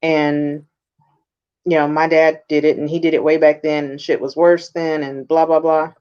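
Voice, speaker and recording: A woman's voice: low-pitched, flat delivery, moderate pace, a little mellow, smooth. A woman hosting a podcast in a casual chat, speaking candidly and bluntly about raising her kids as a mother. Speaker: podcast host. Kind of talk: casual conversation. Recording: dull, muffled lo-fi audio.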